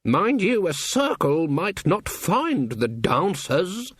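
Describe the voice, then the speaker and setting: An old witch woman, put on by a male narrator, with a cold, cutting edge. She drawls slowly and sarcastically, her voice swooping high and low in a dry, close recording. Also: sing-song, a bit bright, breathy edge, dry recording, full character voice. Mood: stern. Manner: icy, slow, sarcastic.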